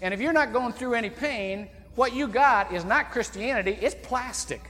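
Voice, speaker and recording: A man from Indiana preaching a sermon as pastor, folksy and animated, with sudden loud outbursts. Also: very high voice, normal speed. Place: church sanctuary. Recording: long church reverb.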